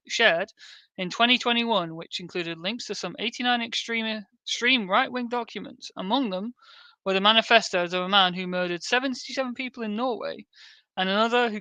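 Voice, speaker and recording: A man's voice: sits high, sharp tone, dry recording. A man reading an article aloud on stream, breaking off for sarcastic, sweary asides.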